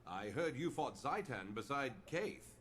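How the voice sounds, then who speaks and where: A man's voice: mid-range voice, lively intonation, measured pace, a bit bright, a little hiss or hum. A man voicing a polite, formal plant-folk attendant in a video game. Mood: courteous. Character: courteous young male plant-folk attendant. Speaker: game character.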